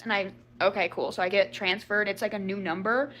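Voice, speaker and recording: A woman's voice: medium pitch, fairly even intonation, a little fast, fairly bright tone, a little hiss or hum. A young woman telling her story in an emotional confessional video, anxious and self-blaming, near tears and rambling. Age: young adult. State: tearful, near crying. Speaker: social media poster telling her story.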